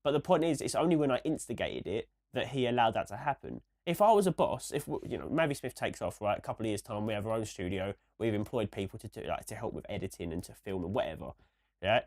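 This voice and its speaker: Rambling man with a hoarse voice. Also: on the low side, animated, fast, darkish tone. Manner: rambling, ranting, many restarts. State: hoarse from a recent cold. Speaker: podcast co-host. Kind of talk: casual podcast chat.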